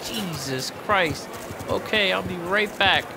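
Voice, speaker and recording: A man streaming a video game, commentating live in an excitable, profane way and yelling at the characters. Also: high-pitched, slow pace, creaky, over music.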